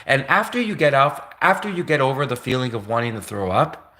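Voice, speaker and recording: Young Canadian guy, streamer, bright tense tone, loose repetitive rambling with frequent laughs. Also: mid-range voice, sing-song, fairly quick. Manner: repetitive, laughing often, casual filler-heavy. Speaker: livestream host. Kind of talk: rambling live commentary.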